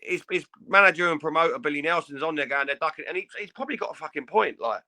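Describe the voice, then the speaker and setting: A man's voice: fairly high pitch, lively intonation, fast, sharp tone. A man co-hosting a casual boxing podcast, sounding fed up, stammering and swearing. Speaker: podcast co-host.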